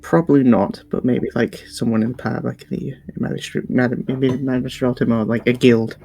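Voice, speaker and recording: Gravelly, hesitant man playing a tabletop game. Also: medium pitch, little pitch movement, moderate pace, warm tone, slight background noise. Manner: hesitant, full of restarts and fillers. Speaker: player.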